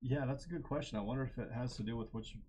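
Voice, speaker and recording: A man's voice: medium pitch, fast talker, noisy background. A man hosting a live trading card break, reading out player names and card details and chatting with viewers by name.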